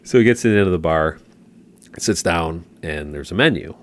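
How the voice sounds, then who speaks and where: A man's voice: low voice, animated, normal speed. A man co-hosting a podcast, chatting casually and telling long jokes and stories in a laid-back way. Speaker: podcast co-host. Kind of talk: casual chat, storytelling.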